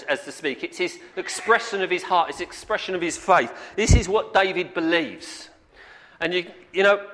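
A man's voice: fairly high pitch, fairly bright tone. A man preaching a sermon, earnest and repetitive, often calling out "amen". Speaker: pastor. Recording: long reverb in a hall.

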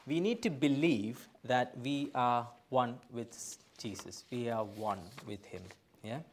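A middle-aged man, a pastor, preaching a sermon in a church, emphatic, swinging from loud bursts to quiet asides. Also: medium pitch. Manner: emphatic, rising to loud bursts then dropping soft.

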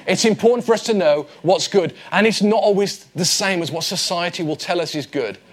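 Earnest preacher, slightly high voice. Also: male voice, a little fast, slightly rough. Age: 40s. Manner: conversational, earnest, with light humor. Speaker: pastor. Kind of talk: sermon.

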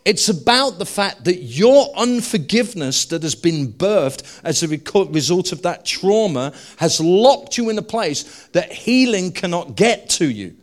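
A man's voice: sits high, very animated, measured pace, hardly any pauses, pitched above the performer's own voice. Man playing an insistent male speaker, raised voice.

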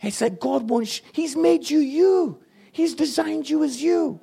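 A Scottish man preaching an evangelistic sermon, energetic and jokey with loud outbursts. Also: very high-pitched, measured pace, vocal fry. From Scotland.

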